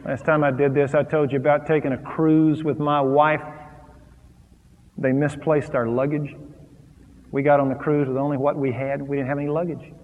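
A middle-aged man preaching a sermon, animated and jokey, with dramatic pauses. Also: a little high, phone-quality sound. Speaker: pastor. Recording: long hall reverb.

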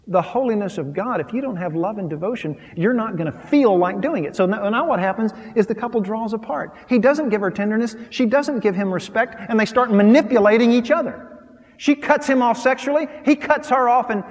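A man preaching a sermon, moving from quiet, low asides to loud, rising emphasis and acting out little scenes. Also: in a large hall.

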